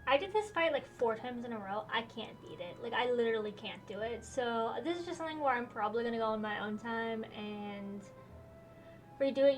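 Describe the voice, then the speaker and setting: A woman's voice: a little high, lively intonation, brisk, recorded from a distance, faint music behind. A young woman streamer giving casual gameplay commentary, swearing freely and saying "like" often. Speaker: gaming streamer.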